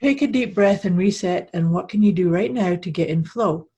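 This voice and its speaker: Husky North American woman co-host. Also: on the low side, moderate pace, warm tone, muffled recording. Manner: affirming, coach-like, builds on the other host's points. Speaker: podcast co-host. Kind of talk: casual chat.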